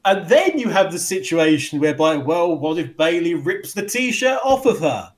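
Guy on a wrestling podcast rambling along, fairly high voice. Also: big pitch swings, moderate pace. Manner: rambling, frequent restarts and laughs. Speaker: podcast co-host. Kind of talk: casual chat reviewing wrestling.

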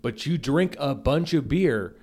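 A man's voice: mid-range voice, lively intonation, unhurried, darkish tone, slightly rough. A young man co-hosting a comedy podcast, arguing his side playfully and laughing mid-sentence. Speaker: podcast co-host. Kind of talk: casual comedic banter.

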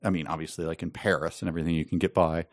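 Wry, sarcastic man with a low voice. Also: flat delivery, racing, dry recording, studio quality. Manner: wry, sarcastic, laughs often. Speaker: podcast co-host. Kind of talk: casual book discussion.

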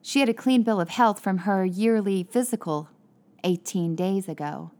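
A woman's voice: medium pitch, moderate pace, a little mellow, close to an everyday voice. A woman voicing a blunt female police officer who questions a suspect firmly. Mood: probing. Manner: firm, pointed questioning.

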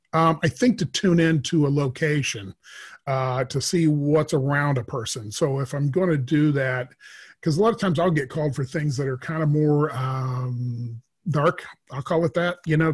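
Husky middle-aged man telling stories. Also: a little high. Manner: rambling, many filler pauses. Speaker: podcast guest, psychic. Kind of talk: casual storytelling interview.

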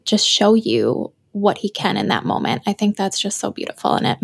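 A woman's voice: mid-range voice, big pitch swings, moderate pace, gravelly, husky. A woman hosting a podcast, reflecting in a heartfelt way and moved close to tears. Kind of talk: casual podcast chat.

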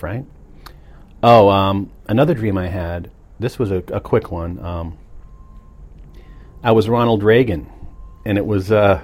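A man hosting a podcast, talking to himself in a relaxed, chatty, self-amused way. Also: fairly low pitch, normal speed, pauses often. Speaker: podcast host. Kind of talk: casual rambling monologue.

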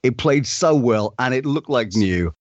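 A man's voice: mid-range voice, animated, measured pace, no echo. A man, a voice actor, chatting casually as a guest and often breaking off and restarting his sentences, heard over a dull lo-fi remote line. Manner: chatty, self-interrupting. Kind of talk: casual chat.

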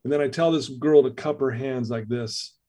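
A man guest on an interview podcast, speaking at an ordinary middle pitch. He tells a personal story earnestly, with plain emotion in his voice. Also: moderate pace, warm tone.

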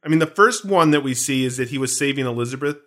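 This podcast co-host talks fast, his medium-pitched voice lively in intonation and fairly bright in tone. His casual, joking chat drifts from topic to topic, peppered with pop-culture references.

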